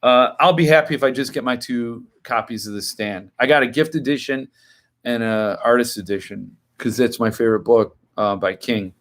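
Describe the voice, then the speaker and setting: A man's voice: medium pitch, normal speed, fairly bright tone. A man in his fifties hosting a live stream, chatting casually as he answers viewers' comments and now and then flaring into indignant rants.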